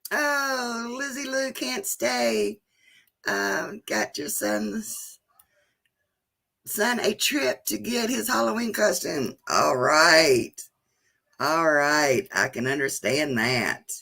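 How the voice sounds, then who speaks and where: With a sharp, creaky, fairly high voice and a slow, sing-song delivery, a woman hosts a laid-back livestream. She talks with viewers, reads out names from the chat and laughs frequently.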